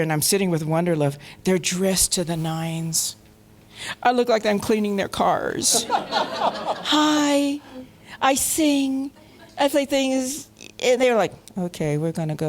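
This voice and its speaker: A woman from Colorado, a panel guest, telling anecdotes in a lively way, laughing often and acting out the voices of the people she quotes. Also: lowish voice. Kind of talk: anecdotal storytelling. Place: festival panel stage.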